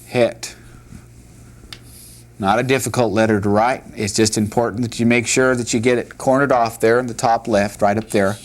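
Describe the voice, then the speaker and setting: A man's voice: medium pitch, steady tone, brisk, few pauses. A man teaching a lesson at a whiteboard, patiently repeating each letter and joking now and then. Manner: plain-spoken, with light jokes. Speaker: Hebrew teacher.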